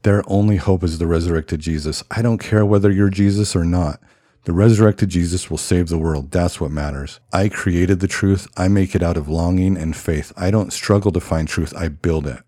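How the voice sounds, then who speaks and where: Fervent male preacher, put on by a man reading a scene, defiant, emphatic, low voice, dry sound. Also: moderate pace, mellow, no room sound.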